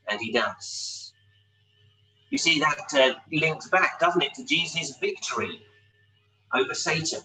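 A man's voice: a little high, expressive, measured pace, pauses often, pushed and bright, far from the mic, low-quality recording. A man preaching a sermon, explaining a scripture passage with frequent rhetorical tag questions. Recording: voice a little off-mic, faint hum.

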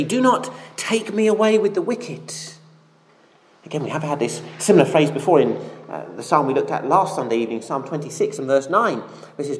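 An earnest preacher delivering a sermon, the voice swinging widely up and down as quoted prayers are given real feeling. It is recorded in an echoey church room, with faint noise in the background. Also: medium pitch.

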